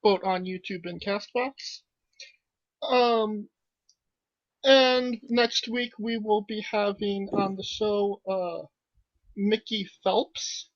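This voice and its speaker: Slow talking woman host, dull muffled audio, dry. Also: medium pitch, fairly even intonation. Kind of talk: casual interview hosting.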